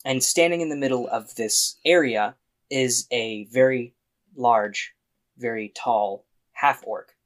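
A man's voice: mid-range voice, slow. A man narrating as dungeon master, setting scenes in a loose, playful way. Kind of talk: narrating a tabletop game.

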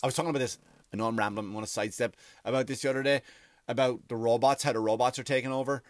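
A man in his forties rattles through a comic monologue very fast, swearing freely in a loose, conversational way. His voice sits at a typical middle pitch for a man and holds a steady tone. The recording is close and dry, with no echo or room sound.

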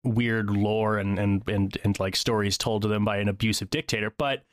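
Man, podcast co-host, casual chat, lively, dry close sound. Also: moderate pace, no room sound. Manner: animated, jumps into excited high-pitched bits.

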